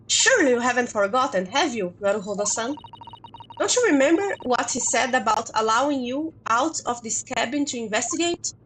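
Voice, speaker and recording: A woman's voice: on the high side, expressive, moderate pace, a bit bright, a little hiss or hum, poor audio. A woman reading the lines of a polite young female assistant in a video game, with courteous, formal phrasing. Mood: earnest.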